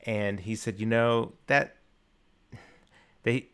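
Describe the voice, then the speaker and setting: Low-voiced man chatting about films. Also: fairly even intonation, slow pace, fairly bright tone, clear, resonant tone. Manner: enthusiastic, rambling with many restarts and fillers. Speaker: podcast co-host. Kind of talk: casual film discussion.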